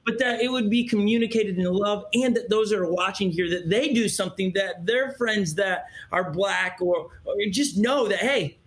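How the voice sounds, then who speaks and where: High-voiced earnest man interviewer. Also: moderate pace, hardly any pauses, fairly bright tone. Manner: earnest storyteller, stumbles and restarts as he feels his way. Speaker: interview host. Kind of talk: heartfelt interview conversation.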